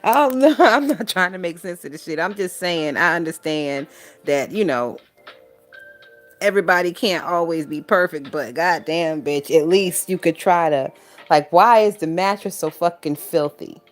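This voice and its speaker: A young woman with a fairly low, expressive voice reacts to live chat on her casual commentary stream at a moderate pace. She's profane, exasperated and laughs a lot, recorded on a phone with faint music in the background.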